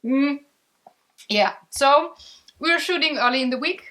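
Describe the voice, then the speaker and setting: A woman with a slightly high voice hosts a relaxed board game vlog. She talks casually, with plenty of fillers and frequent giggles. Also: a little slow. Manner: giggly, chatty, many fillers. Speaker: vlog host. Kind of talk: casual chat.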